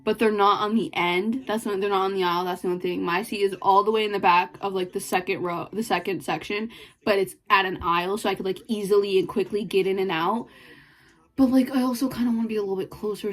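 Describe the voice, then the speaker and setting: A woman's voice: medium pitch, fairly bright tone. A young woman vlogging a casual storytime, rambling, giddy and swearing, with bursts of laughter.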